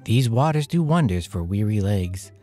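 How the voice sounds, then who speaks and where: A man voicing a tired old male warrior in a comedy fan-parody, talking solemnly and slowly. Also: on the low side, lively intonation, mellow, soft background music, voice pushed down. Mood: weary. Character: weary old male warrior resting his legs.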